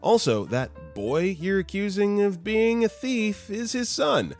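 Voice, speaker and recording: A man voicing a calm, firm marina owner who speaks slowly and deliberately. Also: high voice, soft background music, pitched above the performer's own voice. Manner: firm, measured.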